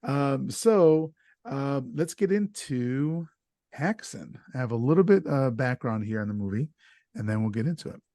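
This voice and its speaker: A man's voice: medium pitch, animated, normal speed, mellow, no room sound, clean studio sound. A man hosting a casual podcast chat, talking loosely and stumbling over names, with an easy laugh. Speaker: podcast host.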